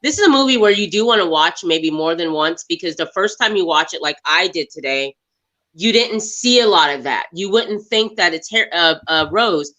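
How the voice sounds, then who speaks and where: A woman guest on a movie review podcast, retelling funny scenes in an animated way and acting out the lines. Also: on the low side, normal speed. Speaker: guest actress. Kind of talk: casual movie review chat.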